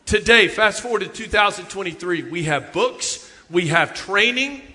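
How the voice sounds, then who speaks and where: Bright-voiced man in his fifties. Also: sits high, normal speed. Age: 50s. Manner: animated storytelling, jokes with the audience. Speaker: youth ministry speaker. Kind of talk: humorous sermon talk. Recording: long hall reverb.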